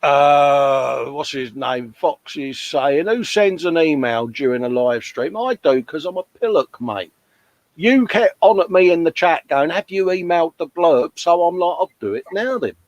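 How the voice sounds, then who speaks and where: A man's voice: on the high side, expressive, unhurried, dry recording. Matey man chatting on a live stream. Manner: chatty, matey, jokey banter. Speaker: host of a live modelling stream. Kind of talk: casual chat reading out live comments. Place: hobby workshop at a bench.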